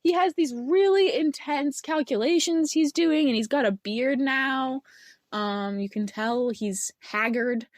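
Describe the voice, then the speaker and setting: Woman chatting on a podcast, high voice, dry close sound, rambles and does little voices. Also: no echo. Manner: rambling, acts out lines in quick voices. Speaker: podcast co-host. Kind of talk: casual chat recapping a film.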